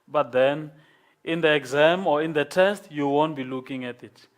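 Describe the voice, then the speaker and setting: A man lecturing a class, explaining slowly and patiently and checking in with "okay?". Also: on the high side.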